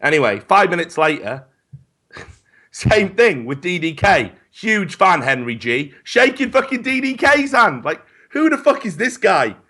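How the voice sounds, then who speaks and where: Podcast guest: a man with a bright, sharp voice. Tells profane, lively stories. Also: high voice, unhurried. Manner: profane, animated storyteller. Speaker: esports commentator guest. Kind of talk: casual podcast chat.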